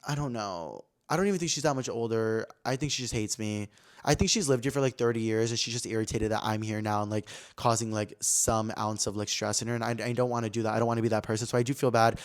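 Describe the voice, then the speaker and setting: A young man hosting a casual podcast, telling a story animatedly and acting out quoted lines in a high, excited voice. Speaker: podcast host.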